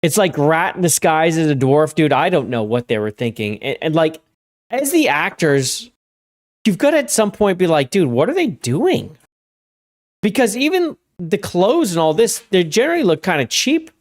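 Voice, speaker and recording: A male streamer riffs through gaming news in a loose, conversational way. He fills his talk with casual fillers and greets his chat directly. His voice moves around a lot in pitch, keeping it lively. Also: moderate pace. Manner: talks to chat viewers directly. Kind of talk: casual live-stream commentary.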